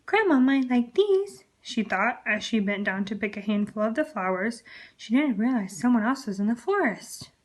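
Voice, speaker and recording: A woman's voice: medium pitch, normal speed. Woman reading a children's storybook aloud. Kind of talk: children's book read-aloud.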